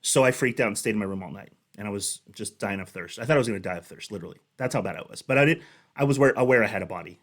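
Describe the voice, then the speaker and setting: A man's voice: on the low side, very fast. A young man hosting a reaction video, telling his own stories in a rambling, chatty way. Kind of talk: casual commentary.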